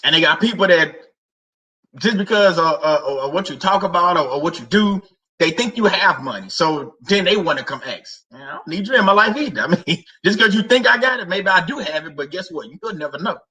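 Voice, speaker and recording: A man with a high, very bright voice talks casually to his livestream audience. He jokes, laughs often and repeats himself in loose slang. The mic sits at some distance from him. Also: expressive, a little fast. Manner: laughing, joking, slangy and repetitive. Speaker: host of a faith livestream. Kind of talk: casual livestream chat to viewers.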